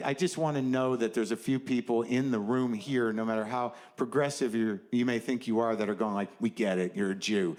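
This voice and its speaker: On a stage in front of a live audience, a man with a medium-pitched voice riffs through a rambling, conversational, profane stand-up set. The recording is noisy, with faint audience laughter behind him.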